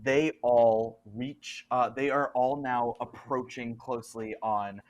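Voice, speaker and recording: The game master narrates a tabletop horror game in a halting way, full of fillers and restarts. The voice sits at a middling pitch. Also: steady tone.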